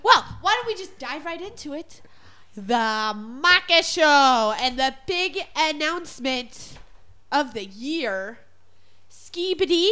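A woman co-hosting a radio show, chatting casually in a giggly, gushing, animated way. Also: sits high, takes it slowly.

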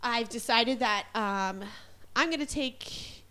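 A woman co-hosting a radio show, chatting casually in a giggly, gushing, animated way. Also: fairly high pitch, slow pace, clean tone.

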